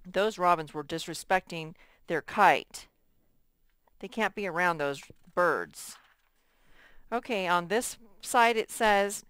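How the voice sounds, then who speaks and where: A woman walks young children through a reading lesson at an unhurried pace. Her voice is smooth and crisp, with a patient, sing-song lilt. The sound is close and dry. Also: mid-range voice, a bit bright, dry recording. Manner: slow, patient, sing-song teacher delivery. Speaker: first grade teacher. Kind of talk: recorded classroom lesson.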